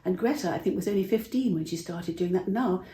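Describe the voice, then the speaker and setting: Gentle woman telling Bible stories to kids. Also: on the low side, fairly quick. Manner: gentle, asks the listener questions. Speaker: children's Bible storyteller. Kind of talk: storytelling to children. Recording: roomy echo.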